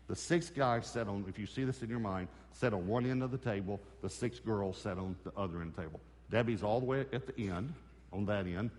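In a large hall, a man preaches a sermon testimony, telling a personal story and acting out its conversations, including dialogue with God. His voice is on the low side and a little mellow.

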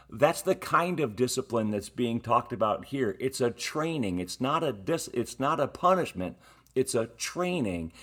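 Male pastor, middle-aged, unhurried sermon delivery, conversational with emphatic key words. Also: mid-range voice.

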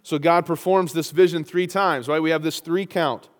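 A man's voice: a little high, fairly even intonation, moderate pace. A man preaching a sermon, reading scripture aloud and rising to emphatic peaks. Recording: long hall reverb.

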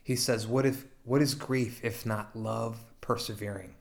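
Low-voiced pastor giving a eulogy. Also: male voice, steady tone, gravelly. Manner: slow, heartfelt delivery with long pauses. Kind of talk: memorial eulogy.

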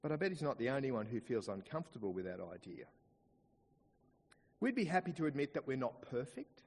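An Australian man preaching a sermon in church, slowing down to dwell on quoted scripture. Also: medium pitch, husky, long reverb tail. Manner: expressive preaching, slows down to stress quoted scripture. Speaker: pastor.

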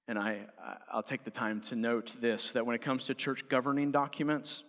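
A man's voice: medium pitch, fairly even intonation, normal speed. Emphatic male pastor preaching in a hall. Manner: emphatic, rising to forceful stresses. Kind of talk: sermon. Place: church sanctuary. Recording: church hall with long reverb.

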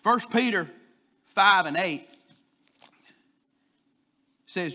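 A man delivers a sermon in a folksy, storytelling manner. His voice sits a little high and rings bright and forceful. He swells louder whenever he drives a point home. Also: a little slow. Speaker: preacher.

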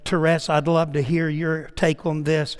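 A man preaches a sermon in a slightly raised voice, dropping to hushed asides before climbing to loud, emphatic peaks. His voice trails off into a long reverb, as in a large hall. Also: fairly high pitch, little pitch movement, unhurried, smooth. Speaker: pastor.

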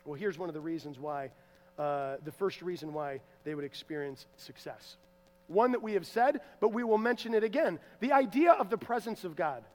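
A pastor with a notably high voice delivers an expressive sermon at a moderate pace, alternating loud, emphatic passages with quiet, nearly hushed asides. A long reverb trails his words, as though he were in a large sanctuary.

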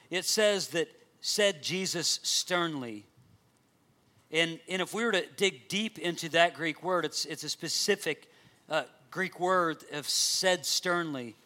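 A man preaching with a high, bright, forceful voice. He delivers an earnest sermon, reading scripture aloud and explaining it. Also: slow. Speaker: pastor.

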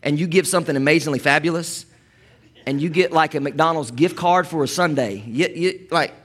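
A man's voice: a little high, fairly quick, fairly bright tone, husky. A man preaching a sermon as pastor, chatty and conversational, with asides to the congregation.

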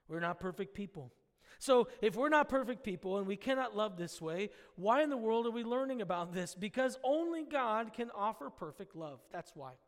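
A male pastor preaching an earnest sermon, swinging between loud and hushed and acting out the voices he quotes. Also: sits high. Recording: long reverb of a large hall.

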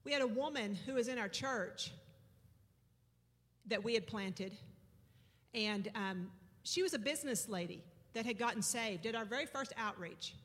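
A woman's voice: on the high side, moderate pace, a bit bright. A woman preaching a sermon and telling a missionary story in a folksy, conversational way, drawing out words for emphasis. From Arkansas. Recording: reverberant church hall.

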